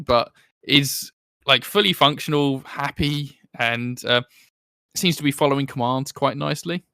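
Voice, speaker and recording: A man narrating as game master of a tabletop game in a relaxed, chatty way, often laughing. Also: medium pitch, no room sound, clean studio sound.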